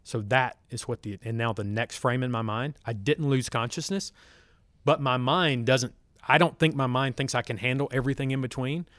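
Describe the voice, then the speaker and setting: Animated storytelling man, dry studio sound. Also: medium pitch, normal speed, dry recording. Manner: animated storyteller, acts out quoted dialogue. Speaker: podcast guest, former fighter pilot. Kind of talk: storytelling interview. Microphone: studio mic.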